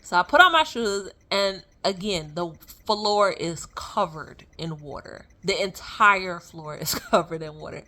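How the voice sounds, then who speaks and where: A young adult woman telling a personal story in a casual, animated way, full of fillers and laughing as she goes. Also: on the low side, a little slow, few pauses. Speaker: vlogger sharing a testimony.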